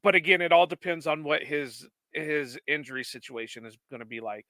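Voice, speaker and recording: A chatty podcast co-host with a bright, forceful, slightly higher voice. He tells stories loosely and laughs often. The sound is close and dry. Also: a little fast, no room sound. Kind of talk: casual podcast chat.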